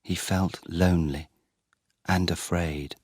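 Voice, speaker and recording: Slow, deep-voiced male storyteller. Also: steady tone, darkish tone, no echo, studio quality. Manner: slow and clear for learners. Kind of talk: graded-reader story narration.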